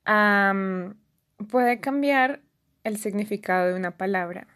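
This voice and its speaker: A woman teaching a beginner language lesson, patiently repeating words slowly and clearly for learners. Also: medium pitch, fairly bright tone. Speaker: Spanish teacher.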